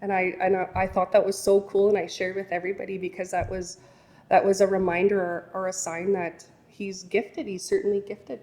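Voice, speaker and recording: Woman, eager interjector, warm low-key tone, long reverb. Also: level tone, fairly quick. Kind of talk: conversational storytelling.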